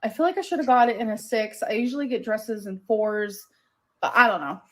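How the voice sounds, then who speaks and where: A woman's voice: on the high side, lively intonation, a little fast, a bit bright, slight background noise. A woman narrating a clothing try-on haul video in a bubbly, gushing way, often calling things cute and saying "like". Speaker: vlogger doing a clothing haul.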